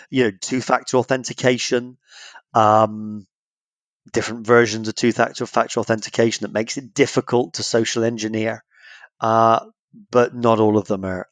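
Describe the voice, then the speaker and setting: A man's voice: medium pitch, dry recording. A middle-aged English man, a guest author in a casual podcast interview, joking and acting out phone calls in little voices. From Britain.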